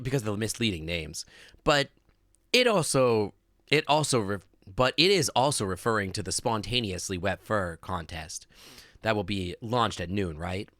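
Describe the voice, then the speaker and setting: A clever female cat speaks in a dry, low-key way, voiced by a man. The tone is bright and forceful, with lively ups and downs. The sound is close and dry. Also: no echo, lightly acted.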